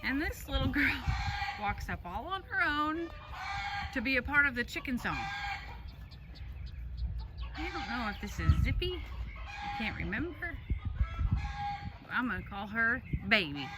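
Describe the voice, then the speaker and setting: A woman's voice: sits high, very animated, a little slow, long pauses. A woman, vlogging casually outdoors on a farm as she does chores and chats fondly to her animals. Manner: chatty, talks fondly to the animals. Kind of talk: casual vlog while doing farm chores. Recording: loud outdoor noise behind the voice. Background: chickens and a rooster clucking.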